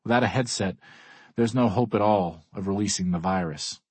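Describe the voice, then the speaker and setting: A man's voice: lowish voice, moderate pace, husky, dry recording. A man reading a first-person audiobook in a wry, dry way. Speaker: audiobook narrator. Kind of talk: scripted first-person narration.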